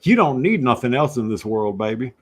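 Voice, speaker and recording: A man's voice: mid-range voice, sing-song, brisk. Crude, flirty man co-host. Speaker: co-host, paranormal consultant. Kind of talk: casual chat.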